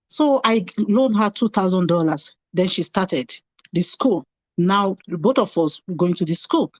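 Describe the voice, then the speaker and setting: A middle-aged woman tells her own story as a guest in an interview, with a voice of medium pitch. She is animated, acts out old conversations and keeps repeating phrases to stress them. The recording is dry, with almost no room sound. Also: dry recording, highs cut off.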